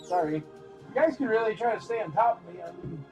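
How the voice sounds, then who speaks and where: A man's voice: high-pitched, animated, a little fast, a little mellow, faint music behind. A man hosting a casual live-stream auction, chatty and rambling with lots of filler words.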